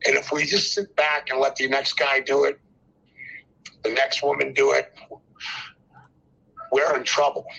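A man's voice: mid-range voice, flat delivery, unhurried, gravelly, pauses often, sharp tone, breathy edge. An older man calling in to a talk show, speaking fervently and preaching, repeating phrases for emphasis, over a muffled lo-fi line. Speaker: caller. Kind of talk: impassioned call-in speech.

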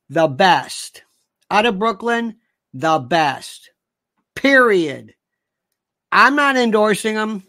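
A man's voice: sits high, sharp tone. A man hosting his own show, delivering an emphatic, opinionated monologue and repeating himself for emphasis. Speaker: show host.

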